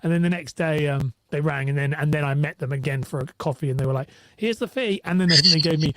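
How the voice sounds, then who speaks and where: A British man with a fairly high voice, sounding close and dry to the mic. He chats casually as a broker, rambling through candid stories with plenty of restarts and blunt swearing. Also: steady tone, fast, a bit bright, no room sound. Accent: British English. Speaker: mortgage broker. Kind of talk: casual podcast chat.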